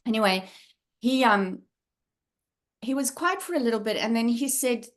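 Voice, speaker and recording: A middle-aged woman with a South African accent, a guest speaker telling a personal story in an earnest, reflective way with frequent pauses and fillers. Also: mid-range voice.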